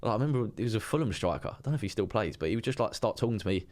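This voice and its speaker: A young ex-footballer chatting casually, rambling with many fillers. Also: male voice, fairly low pitch, lively intonation, racing, darkish tone. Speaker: ex-professional footballer, co-host. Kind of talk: casual chat.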